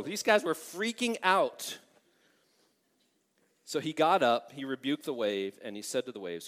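Animated male pastor preaching in a reverberant hall. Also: fairly low pitch, moderate pace, pauses often. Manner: animated preaching, rising loud for emphasis, often asking "right?" and "amen?". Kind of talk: sermon. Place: large church sanctuary.

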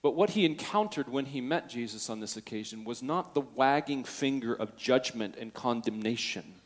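Preaching with lively intonation at a normal speed, this pastor drops to near-whispers and then climbs to loud, fervent highs while acting out the quotes in his sermon. His voice has a medium pitch.

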